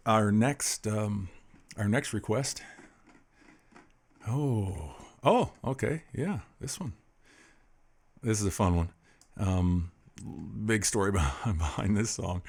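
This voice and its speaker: A middle-aged Canadian man hosting a song-request show, chatting casually and telling rambling, folksy stories with lots of fillers. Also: fairly low pitch. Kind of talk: casual chat between songs.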